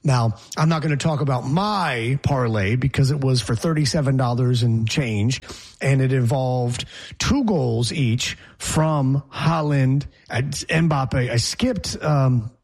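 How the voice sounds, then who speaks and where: A man's voice: medium pitch, slow, a little mellow, slightly rough. A man hosting a sports talk show, talking casually in a brash, rambling, joking way.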